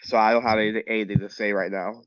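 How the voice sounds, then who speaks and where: A man's voice: lowish voice, little pitch movement, racing, fairly bright tone, clear, resonant tone, no room sound. A man on a video call banters and swears with friends, laughing at his own jokes. He is feeling sick. His audio is dry and slightly dull. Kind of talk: casual online group chat.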